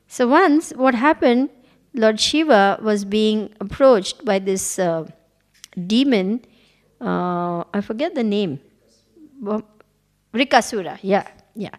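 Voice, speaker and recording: A woman's voice: medium pitch, lively intonation, slow pace. A woman giving a devotional talk as a spiritual teacher, telling stories animatedly and laughing along.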